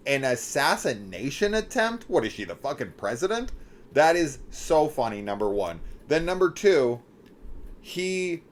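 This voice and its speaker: With a medium-pitched voice, this middle-aged man breaks down a horror film, spoilers and all, in a loose, swear-filled chat. He sounds openly incredulous and gets animated, acting out the scenes as he reviews.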